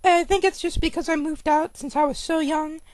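A woman's voice: high voice, steady tone, moderate pace, a little mellow, dry recording, lightly acted, poor audio. A woman voicing a young male hedgehog who rambles and complains with lots of "you know.". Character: young male hedgehog, whiny, easily annoyed.

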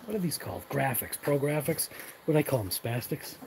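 A man with a Boston-area accent that drops its R's rambles through a live walkthrough of a hobby shop. He speaks at an ordinary middle pitch, muttering asides as he walks with a handheld camera. A faint shop hum sits behind him. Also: very animated, fairly quick, vocal fry. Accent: Boston-area Massachusetts, non-rhotic. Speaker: channel host. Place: indoors in a large hobby shop.

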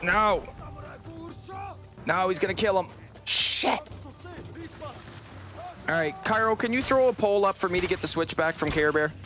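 A man's voice: high-pitched, measured pace, long pauses, bright, forceful tone, soft background music. A man streaming a game live, chatting casually with his viewers, joking and swearing now and then. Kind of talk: casual live-stream chat while gaming.

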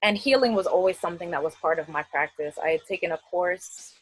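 Guest, woman, Queens accent, lowish husky voice, dry close sound, easygoing and talkative. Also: brisk, no room sound, low-quality recording. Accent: New York, Queens. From United States. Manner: chatty, laughs often, many fillers. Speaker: festival artist guest. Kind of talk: casual interview.

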